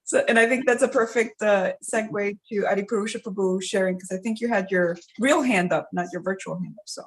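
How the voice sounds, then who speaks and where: A woman moderates a class, thanking each speaker and calling on the next one briskly. Her voice sits in a middle range for a woman. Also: medium pitch, rough recording.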